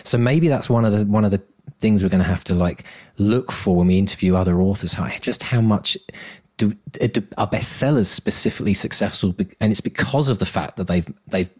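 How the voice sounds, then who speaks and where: A man co-hosting a podcast with a fairly low voice. He is chatty and teasing, fond of drifting into anecdotes. His delivery stays loose and conversational. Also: brisk, a little mellow. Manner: chatty and teasing, prone to storytelling. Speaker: podcast co-host. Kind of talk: casual conversation.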